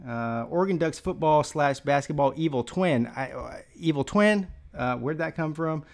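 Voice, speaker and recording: A man's voice: on the high side, animated, normal speed. Breathless man chatting on a live stream. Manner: rambling, joking, many fillers. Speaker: sports vlog host. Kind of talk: casual live-stream chat.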